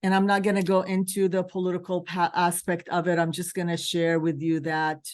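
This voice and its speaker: A woman from Palestine speaks in a lowish voice as she hosts a virtual spiritual gathering. She talks earnestly and with feeling, urging her listeners on. The sound comes through a video call mic. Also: monotone, fairly quick, darkish tone. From West Bank, Palestine. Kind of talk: heartfelt talk to a virtual group.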